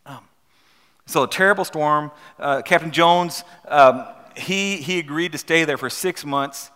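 Halting preacher in a reverberant hall. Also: male voice, a little high, pushed and bright, clear, resonant tone. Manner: halting, repeats words, asks rhetorical questions. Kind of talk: storytelling sermon with read-aloud passages.

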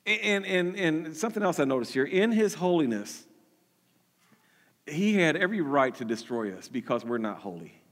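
A man's voice: a little high, big pitch swings, moderate pace, big-room sound. A man preaching a sermon as pastor, earnest, often repeating words and restarting his sentences.

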